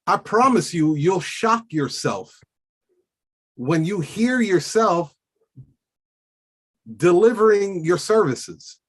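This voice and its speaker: A man hosting a casual coaching chat, speaking in a slow, deliberate and emphatic way. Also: sits high, animated, husky. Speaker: podcast host coaching notaries.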